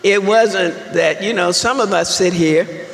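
A woman speaks slowly and deliberately, sharing her own recovery story at a meeting with dry, self-mocking humor. Her voice rings through a roomy hall with a long reverb tail, over faint room ambience. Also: mid-range voice, a little hiss or hum. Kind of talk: personal testimony talk.

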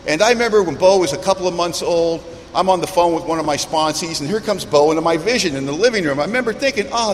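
A high-voiced man tells humorous yet earnest stories to a recovery meeting. His voice carries a long hall reverb, with faint background noise underneath. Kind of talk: storytelling talk to a meeting.

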